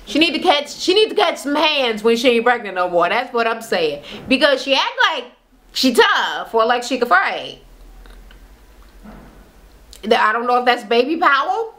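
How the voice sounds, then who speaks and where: A woman giving a casual reality TV recap, blunt and profane, with slangy, animated commentary. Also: fairly high pitch, moderate pace. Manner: animated retelling, acts out quotes; slangy, conversational.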